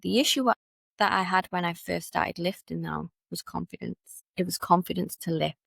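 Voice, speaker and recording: A woman from Manchester with a Manchester accent, a podcast guest telling her personal story in an animated way and acting out what other people said. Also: on the low side, normal speed, gravelly, husky, dry recording, studio quality. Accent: Manchester English. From Manchester, England. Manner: animated, acts out others' lines in quoted dialogue.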